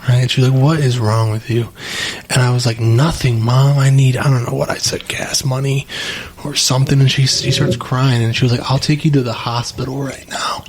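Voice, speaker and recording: A man's voice: medium pitch, level tone, brisk, slight background noise. A young man hosting a podcast in a casual conversation, blunt and profane, saying "dude" a lot. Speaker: podcast host. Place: home basement studio.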